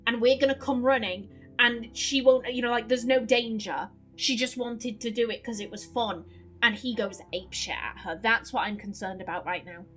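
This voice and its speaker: A woman's voice: fairly high pitch, steady tone, moderate pace, fairly bright tone, soft background music. Worried woman doing game commentary. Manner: earnest, worried. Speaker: let's play host.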